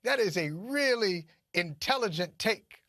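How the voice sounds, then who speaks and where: A middle-aged man co-hosting a sports debate show, his voice pitched high and his delivery animated. He hammers his points home by repeating phrases. The sound is dry and close. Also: a little slow, dry recording. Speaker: co-host of a sports talk show.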